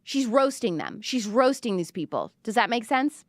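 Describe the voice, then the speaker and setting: A young woman giving a casual, animated reaction commentary, acting out quoted lines with big jumps in her voice. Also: a little high, moderate pace, dry recording, studio quality. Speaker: commentator reviewing an album.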